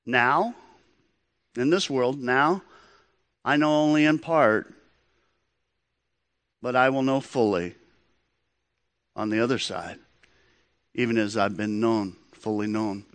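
A man's voice: mid-range voice, takes it slowly, long pauses, fairly bright tone, dry recording. A man preaching a sermon, telling stories in an earnest way and calling the listeners friends. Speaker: pastor.

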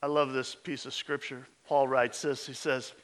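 A man preaching a sermon as pastor, emphatic, with his voice often dropping low and intense. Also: little pitch movement, normal speed, a bit bright.

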